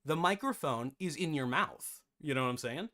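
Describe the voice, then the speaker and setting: A man who hosts a game development tutorial, telling a casual, animated story with chatty asides. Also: on the high side, moderate pace.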